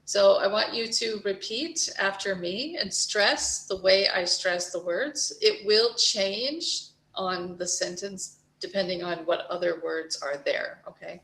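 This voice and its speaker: Woman, English teacher, slow careful delivery, bright voice, echoey room. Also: medium pitch. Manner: slow, patient, clearly enunciated modelling of sentences. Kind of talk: online English lesson.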